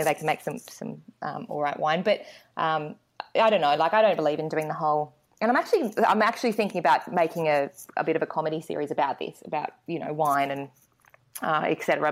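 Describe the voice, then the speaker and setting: Give me a chatty woman, slightly low voice. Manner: chatty and self-deprecating, many fillers and laughs. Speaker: guest, actor. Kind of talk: casual chat.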